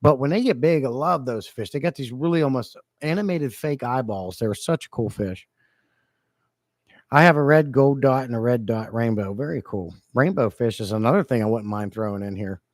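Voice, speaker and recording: A man hosting a relaxed livestream from his home fish room, rambling and joking as he greets his chat. His voice sits at an ordinary middle pitch, close to the desk mic with a dry, dead sound and no room around it. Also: normal speed, no echo. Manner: playful, rambling, jokey with chat. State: a bit low-energy. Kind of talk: casual livestream chat reading comments.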